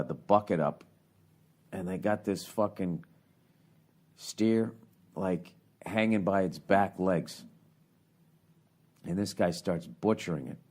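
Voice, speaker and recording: A man hosting a podcast, telling a profane, rambling comic story that swears constantly and climbs higher when he gets worked up. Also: darkish tone. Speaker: podcast host.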